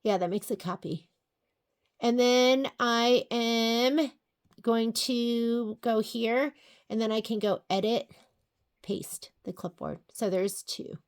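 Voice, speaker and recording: A woman giving a casual step-by-step crafting and cutting software tutorial, chatting to herself and to viewers as she works. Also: on the high side, slow, clear, resonant tone. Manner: chatty, talks to herself while working, asides to viewers. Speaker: sewing and crafting instructor.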